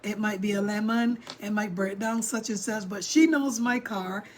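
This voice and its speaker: A middle-aged woman vlogger telling a story to her viewers, animated and emphatic, speaking straight to them. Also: mid-range voice, normal speed.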